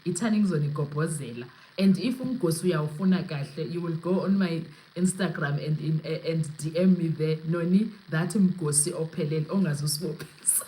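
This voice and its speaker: This young South African podcast host has a deep, mellow voice and a moderate pace, bantering animatedly on a live stream, switching between English and Zulu and laughing a lot. The recording is rough.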